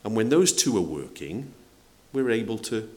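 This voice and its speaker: A man preaching to his congregation, his pitch rising and falling animatedly. He talks in a conversational way, throwing out rhetorical questions and acting out the quotes he tells. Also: very animated, moderate pace, darkish tone. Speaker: pastor. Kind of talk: sermon.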